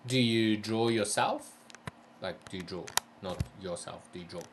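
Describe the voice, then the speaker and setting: A man hosting a live gaming stream talks in an unhurried, drawn-out way with a somewhat low voice. He chats casually, asks lots of careful, polite questions and sounds a little tired. A faint hum sits behind him. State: tired, yawning. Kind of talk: casual live-stream chat, reading chat aloud.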